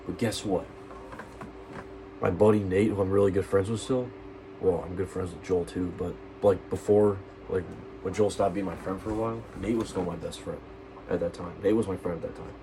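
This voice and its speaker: A teenage guy whose voice sits low for his age, venting on a stream. He rambles, restarts his sentences and swears heavily as his anger builds. A faint hiss runs under the voice. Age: teens. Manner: agitated and profane, rambling with restarts. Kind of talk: angry personal rant.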